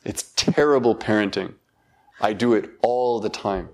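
Middle-aged guy, lowish voice, reflective talk, halting and thoughtful, laughs at himself. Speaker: dharma talk speaker.

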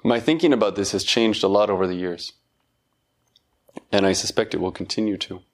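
A middle-aged man giving a reflective talk, thoughtful and halting, with self-deprecating laughs. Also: lowish voice. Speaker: dharma talk speaker.

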